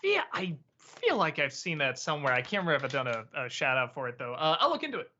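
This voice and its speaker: A man's voice: on the high side, wildly swooping pitch, quick pace, sharp tone, slight background noise. A man hosting a casual livestream chat who hesitates, restarts and laughs as he answers questions. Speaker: host. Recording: dull lo-fi stream audio.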